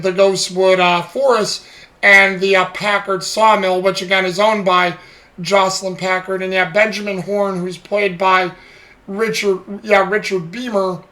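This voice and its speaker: A man's voice: high voice, a bit bright, roomy sound, low-quality recording. A man co-hosting a casual chat podcast, recapping a TV episode in a rambling way with lots of fillers. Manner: rambling, acts out quoted lines, frequent fillers.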